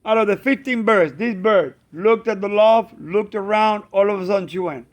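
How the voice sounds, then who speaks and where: Animated high-voiced man telling stories. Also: normal speed. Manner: animated, acts out friends' voices and bird sounds. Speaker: pigeon fancier, channel host. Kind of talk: casual storytelling vlog.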